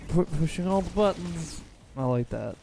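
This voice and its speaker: A man chatting casually with friends while playing a game, animated and joking. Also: on the high side, normal speed, vocal fry. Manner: animated, joking, laughs often. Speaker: gamer.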